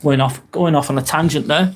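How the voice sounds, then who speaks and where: A man's voice: on the high side, fairly even intonation, a little fast, a little hiss or hum. A British man hosting a live vlog, chatting casually and reading out viewer comments, rambling onto tangents and swearing freely. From Britain.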